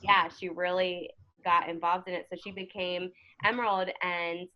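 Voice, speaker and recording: A woman's voice: on the low side, flat delivery, normal speed. A woman hosting a team call, effusive and emotional, praising a guest with many fillers. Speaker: host and team coach. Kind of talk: casual talk on a team video call. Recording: dull lo-fi call audio.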